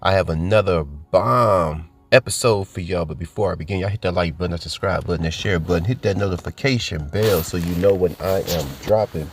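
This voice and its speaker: A man hosting his podcast, hoarse from a cold, rambling and boastful as he talks straight to his listeners. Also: sits low, a little fast, few pauses, faint music behind. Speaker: podcast host. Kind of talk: casual podcast monologue.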